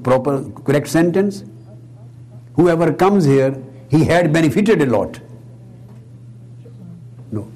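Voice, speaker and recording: A man's voice: a little high, dark tone, breathy edge. A man giving a religious lecture, explaining the grammar of a text and repeating key words to drive his point home. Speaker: Islamic scholar and speaker. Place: Islamic center hall.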